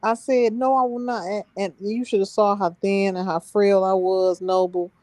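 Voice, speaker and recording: A woman's voice: medium pitch, little pitch movement, normal speed, dark tone, dry recording. A woman telling a story on a live stream in an emphatic, heated way, laughing between points.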